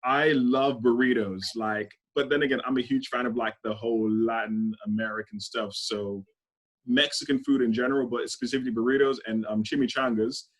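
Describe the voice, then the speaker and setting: A young man, chatting on a podcast in a relaxed, rambling way and laughing often. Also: medium pitch, brisk. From London. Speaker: podcast host. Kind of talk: casual chat.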